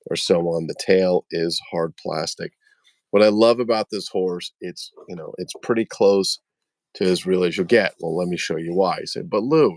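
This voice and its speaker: A man's voice: sits low, dry recording. A man hosting a casual toy unboxing livestream from his phone, rambling and joking, greeting viewers by name. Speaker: toy collector livestream host.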